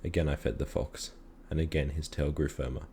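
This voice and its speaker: A man calmly reading a children's story aloud in a measured storytelling manner. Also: a bass voice, a little hiss or hum. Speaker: reader.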